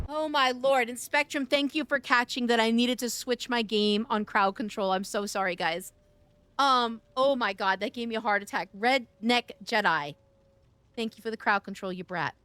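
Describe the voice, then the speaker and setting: A woman's voice: a little high, unhurried, fairly bright tone, smooth. A woman streaming live, chatting casually with her viewers in a flirty, teasing, playful way. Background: music.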